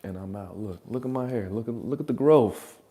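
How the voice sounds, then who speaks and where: Blunt, profane man with a low, dark voice. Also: a little fast. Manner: profane, rambling, joking advice. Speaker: reaction channel host. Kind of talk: blunt casual monologue. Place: his apartment.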